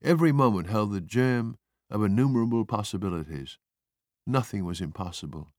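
A man narrating literary fiction as an audiobook, measured and expressive. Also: lowish voice, no echo, clean studio sound.

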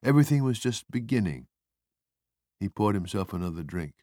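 A man narrates a literary story in a measured, expressive manner. His voice sits low and the recording is dry and close, with no room sound. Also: no echo.

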